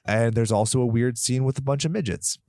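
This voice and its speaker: A man co-hosting a podcast in casual chat, animated, sometimes slipping into silly voices as he tells stories. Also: mid-range voice, fairly quick, dry recording, clean studio sound. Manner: animated, slips into silly put-on voices when telling stories. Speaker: podcast co-host.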